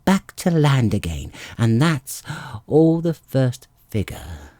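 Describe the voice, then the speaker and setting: A man voicing the Mock Turtle, a sad, sentimental creature who talks slowly and sings mournfully. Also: mid-range voice, sing-song, mellow, no echo, pitched above the performer's own voice. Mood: excited. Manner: slow, mournful, sing-song.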